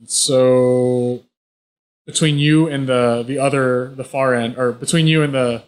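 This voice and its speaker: A man's voice: mid-range voice, steady tone, a little slow. A man running a tabletop game as game master, describing the action vividly with frequent restarts.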